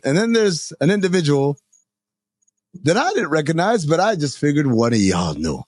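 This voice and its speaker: A man co-hosting a podcast, telling a story in a casual chat and jumping into high, excited voices when he quotes people. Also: normal speed. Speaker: podcast co-host.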